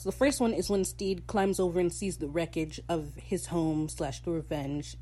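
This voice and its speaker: A young woman hosting a podcast, recapping a TV episode in casual chat, animated and gushing, with sudden excited outbursts and swearing. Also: lowish voice, slight background noise. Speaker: podcast host.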